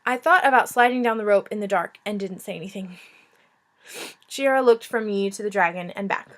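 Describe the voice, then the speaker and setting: A woman's voice: medium pitch, fairly quick. Woman teacher, informal read-aloud of a kids' novel, chatty asides. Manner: informal, joking, breaks off to chat. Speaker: teacher reading a book aloud.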